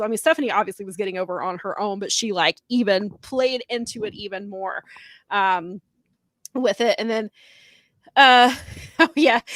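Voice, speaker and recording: A woman's voice: a little high, dry recording. A woman co-hosting a wrestling podcast in casual chat, rambling through long retellings with lots of fillers. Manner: rambling, filler-heavy retelling of others' remarks. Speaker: podcast co-host.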